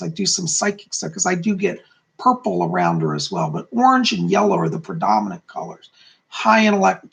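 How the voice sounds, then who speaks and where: Upbeat chatty man with gravelly voice. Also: high-pitched, a bit bright. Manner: chatty and upbeat, greeting viewers by name. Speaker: psychic hosting a live stream. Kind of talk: casual live-stream chat with viewers.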